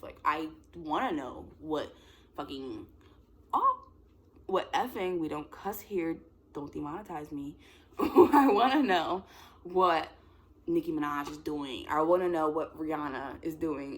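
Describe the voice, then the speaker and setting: A woman's voice: low-pitched, a little hiss or hum. A young woman in her twenties chatting casually to camera, rambling with lots of "like" and frequent laughs. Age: 20s. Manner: rambling, animated, full of "like" and laughs. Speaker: vlogger. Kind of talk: casual chat.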